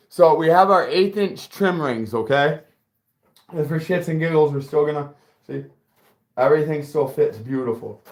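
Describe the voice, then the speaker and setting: A man's voice: a little high, measured pace. Chatty, profane man with a raised voice. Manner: profane, chatty, talks straight to viewers. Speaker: car audio installer. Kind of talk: casual workshop build tutorial.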